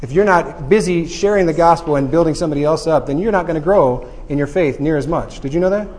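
A man leads a Bible study with a lively, joking manner. His voice sits a little high, and he keeps checking in with the group as he teaches. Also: fast, in a large hall, slight background noise. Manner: energetic, joking, asks "right?" often.

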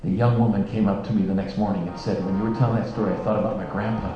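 A man's voice: lowish voice, fairly even intonation, very fast. Earnest male storyteller in echoey hall. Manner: earnest storyteller, softening to a hush at emotional peaks. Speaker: speaker. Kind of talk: storytelling sermon. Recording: dull echoey hall with music.

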